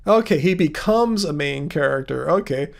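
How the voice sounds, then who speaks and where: A man with a high voice chats his way through a livestream, reading out viewer comments and answering them as they come. His talk rambles and doubles back, full of fillers and restarts. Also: animated, normal speed, gravelly. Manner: chatty, reads viewer comments aloud and replies. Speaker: livestream host answering chat. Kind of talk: casual livestream chat.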